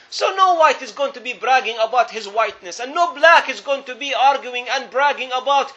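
Very high-voiced earnest male preacher. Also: expressive, fairly quick, few pauses, sharp tone. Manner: earnest storytelling, repeats phrases for emphasis. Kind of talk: sermon. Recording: dull lo-fi recording.

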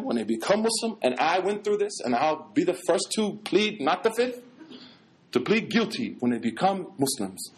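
A fairly high-pitched American man lecturing as an imam, his voice rising and falling with great animation. He mixes casual street slang with scholarly religious terms and keeps the delivery lively. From United States.

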